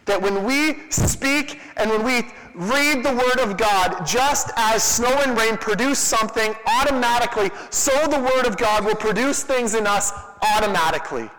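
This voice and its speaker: A young man giving a youth sermon in an energetic, conversational way, with quick asides to the crowd. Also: extremely high pitch, big-room sound, rough recording. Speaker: youth pastor.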